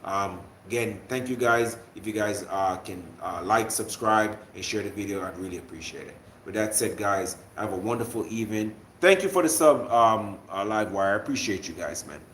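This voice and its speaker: A man's voice: fairly low pitch, moderate pace, few pauses, a bit bright, slight background noise. Rambling young man on a livestream, echoey room. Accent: Jamaican, usually toned down to an American accent. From Jamaica. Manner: rambling, with many restarts and fillers. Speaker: livestream host. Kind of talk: casual livestream chat to viewers.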